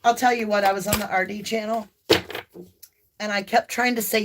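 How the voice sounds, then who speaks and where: A woman with a light Southern US accent, hosting a live tarot stream in casual chat, talkative and laughing often, breaking into loud whoops. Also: medium pitch, fairly even intonation, moderate pace, pauses often, background noise. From American South.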